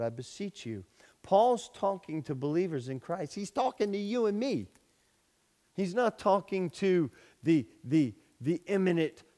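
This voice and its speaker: A man preaching a sermon as pastor, telling a story with many restarts and repeated words, and raising his voice sharply for the lines of the story. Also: a little high. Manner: storytelling, repeats words, grows loud for dialogue. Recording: long hall reverb.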